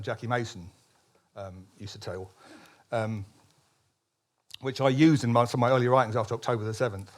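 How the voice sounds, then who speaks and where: Emphatic man giving a speech. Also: mid-range voice. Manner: emphatic, with frequent restarts and ironic asides. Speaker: columnist giving a public talk. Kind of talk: public speech at a political meeting. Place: public meeting hall.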